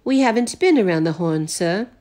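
A woman's voice: on the low side, expressive, normal speed, mellow, natural voice. Polite English butler in a storybook read-aloud, voiced by a woman, formal and precise. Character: polite English male butler, calm and clever.

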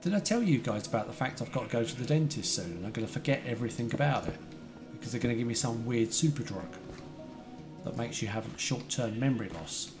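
Over background music, a British streamer plays a building game and chats away to his viewers, recalling details about them. He speaks fast and expressively at a medium pitch.

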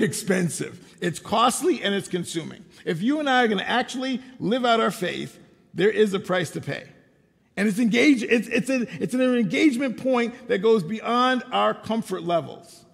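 An older man preaching a sermon, telling personal stories in a relaxed, conversational way with wry humor. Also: high-pitched, gravelly, breathy edge. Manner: conversational storytelling with self-deprecating humor. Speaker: pastor. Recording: long hall reverb.

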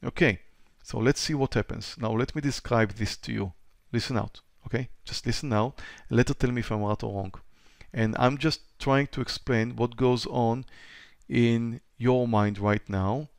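A man's voice: mid-range voice, fairly even intonation, moderate pace, vocal fry, no room sound, studio quality. A man teaching a live trading webinar, who talks straight to his students, repeats phrases, and acts out a trader's racing thoughts. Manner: repeats phrases, direct to the audience. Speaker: trading instructor.

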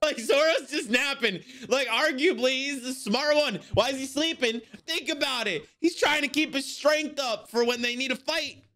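Excitable man reacting to anime, very high bright voice, lively swings, frequent swearing. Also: moderate pace, few pauses. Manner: excitable, swearing, exclaiming at the screen. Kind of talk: casual reaction commentary.

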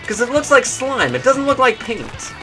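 Goofy high-voiced gameplay commentator man. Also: moderate pace, music in the background. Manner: goofy, animated, slips into silly meme voices and shouts. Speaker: gaming YouTuber.

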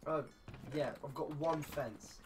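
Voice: mid-range voice, slow. Chatty streamer on a distant mic. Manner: chatty, gives loud excited outbursts. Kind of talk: casual gaming chat. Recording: distant mic with steady background noise.

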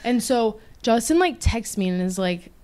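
A young woman co-hosting a podcast, telling a story casually, animated and swearing freely. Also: fairly high pitch, moderate pace. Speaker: podcast co-host.

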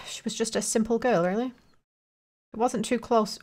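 A woman hosting a let's play, reading game dialogue aloud with crude joking asides and quick mock character voices. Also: mid-range voice. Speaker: gaming video host.

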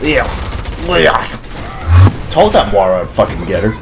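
A man playing a video game and joking through his match, with loud, profane trash talk and mock-whiny theatrical bits. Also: on the low side, very animated, slow, creaky, background noise. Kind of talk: comic gameplay commentary. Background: background music.

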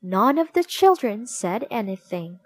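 Slow, lively woman reading a storybook. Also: on the high side, no room sound. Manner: slow, expressive read-aloud. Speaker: narrator.

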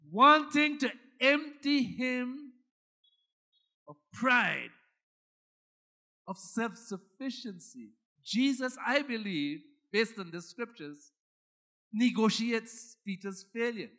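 A male pastor delivering a sermon in a high, bright, sharp voice. He speaks slowly and drives his points home with emphasis. His delivery swings from soft asides to ringing shouts. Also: expressive.

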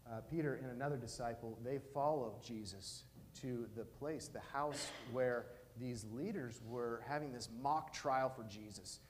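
Pastor man, mellow voice, church reverb. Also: medium pitch, slight background noise. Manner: conversational, acts out dialogue with many fillers. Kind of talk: sermon storytelling. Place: church sanctuary. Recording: long church reverb, faint ambience.

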